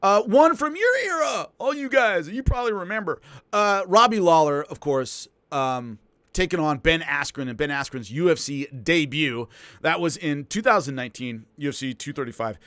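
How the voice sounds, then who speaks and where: A man working as a combat sports analyst, telling fight stories in an emphatic, animated commentary style with frequent restarts. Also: a little high, normal speed, no echo.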